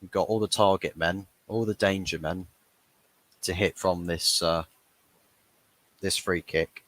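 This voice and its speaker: A young man with a low, deep voice gives live reaction commentary on a football match, talking casually as an anxious fan. The sound is dry and close, with no room echo. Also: steady tone, measured pace, a bit bright. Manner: chatty, laughs at his own jokes, frustrated fan. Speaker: fan watchalong host.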